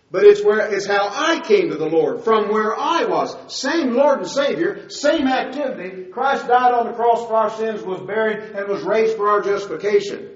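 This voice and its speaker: High-voiced older man preaching, distant and roomy. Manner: conversational storytelling, rising to emphatic. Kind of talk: sermon with a personal testimony. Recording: distant, roomy, dull-sounding recording.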